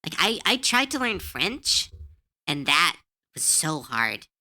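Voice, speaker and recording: A woman's voice: sits low, big pitch swings, slow pace, sharp tone. A woman streamer in casual livestream chat, giggly, chatty and self-deprecating.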